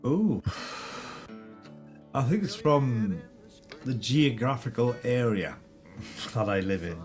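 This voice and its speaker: A man's voice: mid-range voice, lively intonation, takes it slowly, darkish tone. A man from northeast England with a Geordie accent, chatting casually and joking on his live vape stream, laughing often. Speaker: vape channel host. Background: background music.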